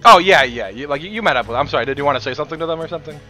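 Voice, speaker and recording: A man's voice: a little high, lively intonation, very fast, bright, forceful tone, faint music behind. A man narrating a tabletop game as game master, rambling with fillers and frequent laughter.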